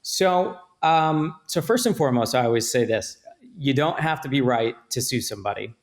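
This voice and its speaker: A man, an attorney guest on a podcast, explaining contracts and liability with measured, example-driven talk. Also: mid-range voice, lively intonation. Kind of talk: podcast interview.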